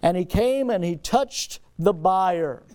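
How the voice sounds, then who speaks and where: Impassioned preacher man, mellow tone. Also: animated, clean tone. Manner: impassioned preaching with sudden loud, drawn-out emphases; drops to soft, low tones for solemn points. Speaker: pastor. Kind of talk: sermon.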